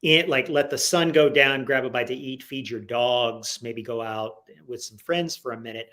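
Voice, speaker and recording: A man as a guest in a casual interview, talking in an animated, rambling way full of "like"s, on a video call from home. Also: medium pitch, moderate pace. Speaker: guest comic writer.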